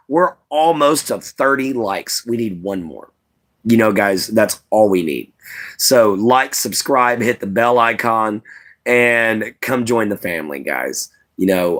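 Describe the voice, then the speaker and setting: A man with a drawl chats loosely to his live stream audience. His voice sits on the lower side, and his talk wanders in an easygoing, rambling way, full of "you know" and "man". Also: a bit bright. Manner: laid-back, rambling, says "you know" and "man" a lot. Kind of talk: casual live stream chat.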